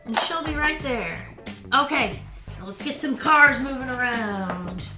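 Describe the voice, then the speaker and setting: A young woman hosting a children's toy-play video, talking to the viewer in a playful, gentle way at home. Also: fairly high pitch, animated, a little slow. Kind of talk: toy play demonstration for kids. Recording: roomy with background music.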